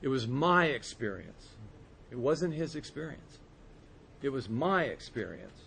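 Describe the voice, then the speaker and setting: A man giving a personal recovery testimony to a group, earnest and storytelling, slowing and softening at quiet moments. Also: medium pitch, very animated, vocal fry, a little hiss or hum. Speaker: speaker sharing his recovery story.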